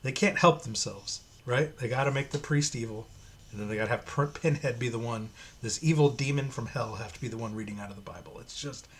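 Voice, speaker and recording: A man's voice: medium pitch, fairly quick, a little hiss or hum. A man giving casual, profane, opinionated commentary while reading a comic aloud. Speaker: comic reviewer.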